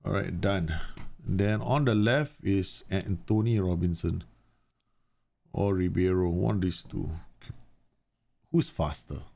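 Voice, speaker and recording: Low gravelly man chatting on a stream. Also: slow, pauses often. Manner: chatty, rambling and animated. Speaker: game streamer. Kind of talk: casual live-stream chat.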